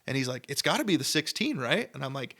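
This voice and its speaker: A medium-pitched, gravelly, slightly bright voice moves fast and sing-song as this Idaho sculptor tells stories on a podcast. Sitting in the studio as a guest, he rambles eagerly, full of "like" and quoted back-and-forth.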